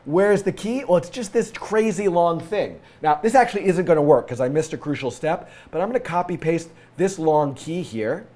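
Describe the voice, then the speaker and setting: A man's voice: on the high side, moderate pace, few pauses, a little mellow. Scratchy-voiced man live-coding, chatty. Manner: chatty, thinking aloud with many fillers. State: scratchy voice from a cold. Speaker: coding tutorial host.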